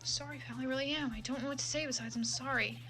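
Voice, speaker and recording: A woman's voice: sits high, steady tone, fast, bright, forceful tone, soft background music, pitched below the performer's own voice. A woman reading out the lines of a loyal, worried male police detective, in a subdued, apologetic way. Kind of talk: reading game dialogue aloud.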